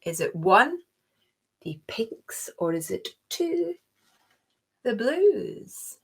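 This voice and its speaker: A woman's voice: fairly high pitch, sing-song, extremely slow, creaky, breathy edge. A middle-aged woman hosting an online quiz, chatty and cheerful, gushing with little oohs. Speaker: quiz host.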